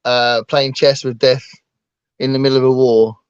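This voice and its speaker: A man's voice: medium pitch, level tone, normal speed, clear, resonant tone, dry recording, lo-fi sound. A man co-hosting a casual book chat, rambling with lots of fillers and restarts. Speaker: booktuber co-host.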